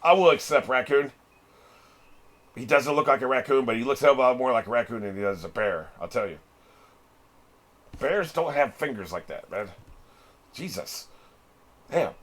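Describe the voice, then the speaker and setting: A man's voice: mid-range voice, lively intonation, normal speed, long pauses, fairly bright tone. A middle-aged man hosting a reaction video, chatting casually as he watches, swearing freely and laughing often. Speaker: reaction channel host.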